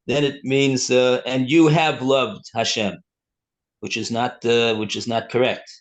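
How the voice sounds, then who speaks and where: A male rabbi teaching a text class. He reads passages aloud and translates them in a halting way, with many fillers and restarts. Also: medium pitch, little pitch movement. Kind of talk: slow text study, reading and translating.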